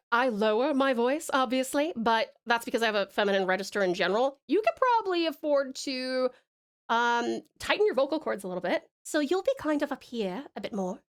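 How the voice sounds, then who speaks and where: A woman's voice: a little high, smooth. A woman streamer from Tasmania, chatting bubbly and giggly with her viewers while drawing. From Tasmania, Australia. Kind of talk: casual livestream chat while drawing.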